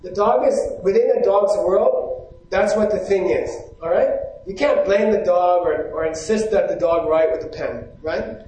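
Brief: male Buddhist teacher, higher-pitched voice, keeps quizzing the room, heavy hall echo. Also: normal speed, warm tone, recorded from a distance, a little hiss or hum. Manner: keeps checking in with the audience, asking questions. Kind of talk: live teaching talk to an audience. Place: hall with a stage. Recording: very echoey hall.

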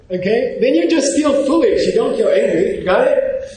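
A man giving an informal, animated lecture, often pausing to check in with his class. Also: very high-pitched. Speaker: teacher. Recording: very echoey room.

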